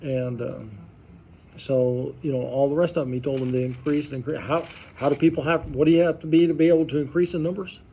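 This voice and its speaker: Gravelly-voiced man teaching Bible study. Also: on the high side, fairly even intonation, brisk, dark tone, a little hiss or hum. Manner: conversational, quizzes the group with questions. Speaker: pastor leading a Bible study. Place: church study group room.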